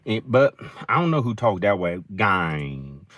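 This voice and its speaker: A man's voice: fairly low pitch, very animated, a little slow, fairly bright tone, no room sound, lo-fi sound. A man alone in his car in the woods, rambling through an improvised stand-up monologue in a loose stream-of-consciousness way. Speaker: amateur comedian.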